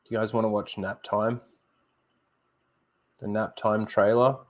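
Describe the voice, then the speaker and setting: A man hosting a casual live stream, swearing a lot and joking around with a lively delivery. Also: lowish voice, unhurried. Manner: profane, jokey, animated. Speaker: streamer host.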